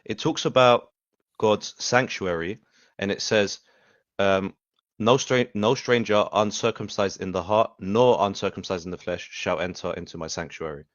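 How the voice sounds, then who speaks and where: A man's voice: lowish voice, normal speed, dry recording, highs cut off. A man calling in to ask a question, hesitant and polite, with many fillers. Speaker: caller. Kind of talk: call-in question.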